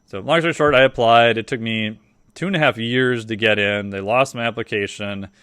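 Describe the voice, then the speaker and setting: A middle-aged man telling a story on a podcast as the guest, casual and animated, acting out the voices of people he quotes. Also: mid-range voice, fairly quick, clean tone, no room sound, studio quality.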